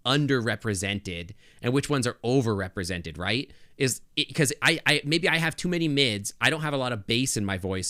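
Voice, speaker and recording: A man's voice: mid-range voice, pushed and bright, dry recording. A male game streamer chatting casually with his viewers on a close desk microphone, thinking aloud with lots of restarts and asides.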